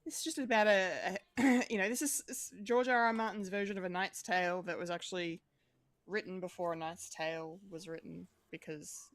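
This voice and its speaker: A woman's voice: lowish voice, steady tone, moderate pace, no echo. A woman co-hosting a podcast, chatting casually in a rambling way, with lots of fillers, restarts and swearing. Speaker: podcast co-host.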